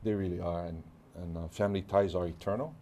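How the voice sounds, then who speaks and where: Speaking quickly in a warm, low voice with fairly even intonation, a middle-aged man from Hawaii appears as a guest artist. In a casual interview he animatedly tells stories and acts out the dialogue, his Hawaiian accent coming through.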